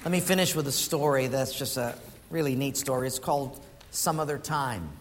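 A man's voice: mid-range voice, brisk, a faint crowd. A man preaching a sermon, telling stories and asking the congregation questions. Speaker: pastor. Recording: echoey hall with faint noise.

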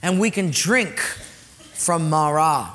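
A man preaching a sermon, animated, swinging from loud storytelling to soft, quiet points. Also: fairly high pitch, slow pace. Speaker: pastor. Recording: long hall reverb.

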